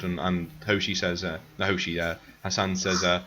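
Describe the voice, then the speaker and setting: Man, game master, tabletop narration, halting, low pitch, bright. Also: little pitch movement. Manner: halting, many fillers.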